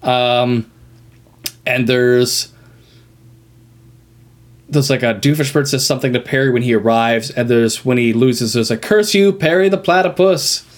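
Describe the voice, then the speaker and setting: A man's voice: medium pitch, little pitch movement, measured pace, long pauses. Rambling man in casual chat. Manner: rambling, many ums and trailing phrases. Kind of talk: casual chat about a cartoon.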